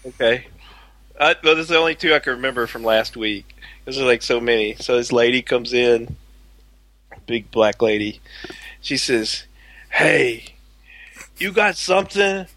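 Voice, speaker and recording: A man's voice: medium pitch, normal speed, pauses often, poor audio. A man guesting on a casual podcast, telling funny stories from his pharmacy job, laughing often and acting out what people said. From Louisiana. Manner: animated, laughs often, acts out quotes. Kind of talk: casual podcast chat, storytelling.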